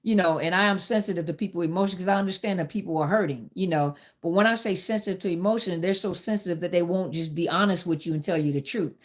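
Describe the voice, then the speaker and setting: A woman's voice: fairly low pitch, fast talker, hardly any pauses. A middle-aged woman, hosting a live talk and telling a personal story candidly, speaking straight to her viewers. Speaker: host.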